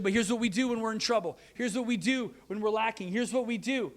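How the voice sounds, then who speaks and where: High-voiced man preaching earnestly. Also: fast, hardly any pauses. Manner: earnest, shifts between loud emphasis and quiet asides. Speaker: pastor. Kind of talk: sermon.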